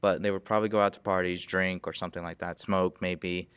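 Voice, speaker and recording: A man's voice: deep voice, level tone, brisk, fairly bright tone, clear, resonant tone, no echo. A young man hosting a casual podcast interview, rambling and stopping to correct himself with apologetic asides. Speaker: podcast host.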